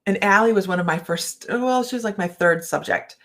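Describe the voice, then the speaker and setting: Woman host, chatty and rambling, quick to laugh, casual stream talk. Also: mid-range voice. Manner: rambling storyteller, laughs often. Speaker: psychic and certified hypnotist. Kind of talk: casual livestream chat.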